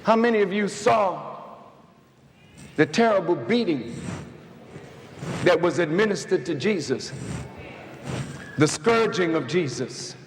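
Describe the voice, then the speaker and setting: A man giving an impassioned speech, deliberate and building to shouted peaks. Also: sits high, expressive. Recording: archive recording with long hall reverb and faint noise.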